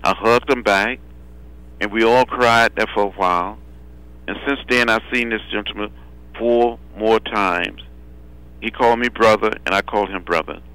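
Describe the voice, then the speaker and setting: A man, a guest on a phone interview, speaking in a measured way and repeating phrases for rhythm. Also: on the low side, pushed and bright, clean tone, rough recording. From Alabama. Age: 70s. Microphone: telephone.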